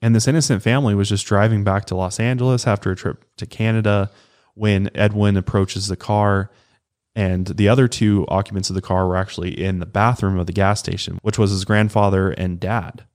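A man's voice: on the low side, fairly even intonation, brisk, darkish tone. A man co-hosting a podcast, recounting a true-crime case in a loose, conversational way with casual swearing. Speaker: podcast co-host.

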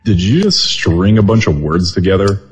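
A man's voice: deep voice, animated, moderate pace, husky, soft background music. A man, a voice actor appearing as a guest, chatting in a dry, laid-back way as a quiz contestant. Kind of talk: casual chat as a quiz contestant.

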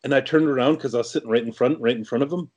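A man's voice: mid-range voice, racing, a little mellow, highs cut off. A middle-aged man from Canada, an interview guest, telling a story casually with many restarts and fillers.

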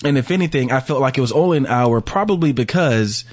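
A man's voice: medium pitch, lively intonation, fast, a little mellow. Laughing, rambling man in casual chat. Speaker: podcast co-host.

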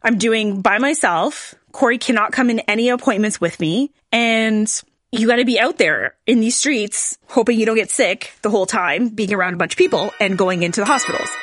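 A woman's voice: a little high, moderate pace, fairly bright tone, no room sound, clean studio sound. A woman in her forties, a podcast host, telling a personal story candidly to her listeners with lots of "like" and "right?". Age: 40s. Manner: candid, emotional, tearful at times; frequent "right?" and "like".

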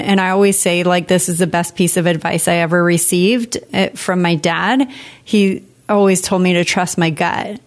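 A woman co-hosting a podcast, chatting casually with a friend and often saying "like.". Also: medium pitch. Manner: chatty, relaxed, frequent "like". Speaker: podcast co-host. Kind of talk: casual chat.

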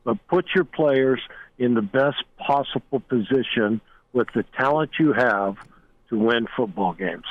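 A man's voice: medium pitch, a little slow, dry recording. A man calling in to a sports radio show and giving his opinion bluntly and insistently. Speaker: radio caller. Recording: phone line.

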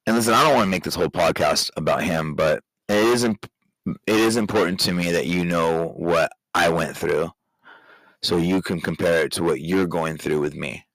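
A man with a very low voice speaks openly and emotionally, stopping and restarting as he talks straight to his child. The sound is dry and close, with no room around it. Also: fairly bright tone, no echo, rough recording. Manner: candid and emotional, halting with restarts. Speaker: podcast host, father speaking to his daughter. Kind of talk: personal podcast monologue.

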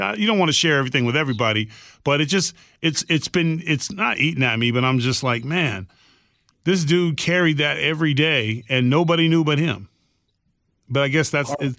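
This man co-hosts a podcast, earnestly recounting a story in casual conversation and doing voices for the people involved. His medium-pitched voice is gravelly with a fairly bright tone, recorded at studio quality without echo.

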